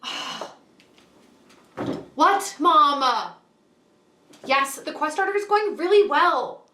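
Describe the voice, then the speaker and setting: A woman plays a self-pitying little street urchin with a put-on British accent, wailing every word. The voice is very high and dragged out slowly. It sounds roomy, picked up from well off the mic. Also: lively intonation, bright, forceful tone, far from the mic, heavily acted. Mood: whiny dramatic.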